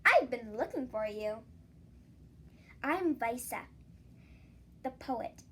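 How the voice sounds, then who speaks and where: A woman voicing a kindly old male poet in a children's storybook, calm and persuasive. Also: a little high, slow, breathy edge, heavily acted. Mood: earnest. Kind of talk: children's storybook read-aloud.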